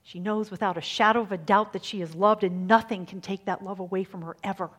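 A woman giving a sermon, dramatic and swinging from hushed near-whispers to emphatic lines. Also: medium pitch, steady tone, a little fast, slightly rough. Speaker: speaker giving a faith talk.

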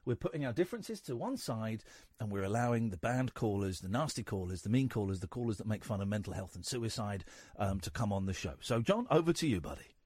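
A middle-aged man hosting a phone-in radio show, teasing and sarcastic, quick to cut callers off. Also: lowish voice, animated, darkish tone, breathy edge, dry recording, studio quality. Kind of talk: casual radio banter.

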